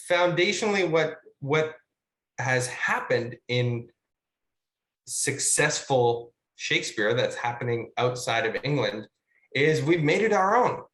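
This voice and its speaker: A man's voice: fairly high pitch, fairly bright tone. A man, a guest actor, chatting over a video call in a musing way, full of fillers and restarts. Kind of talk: casual webinar discussion. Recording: roomy echo.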